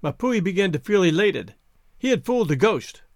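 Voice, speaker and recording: A male podcast host reads a classic story aloud in an expressive storytelling manner. His voice sits high and moves lively through its range. The recording is dry and close. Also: normal speed, dry recording. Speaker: podcast narrator. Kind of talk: scripted narration.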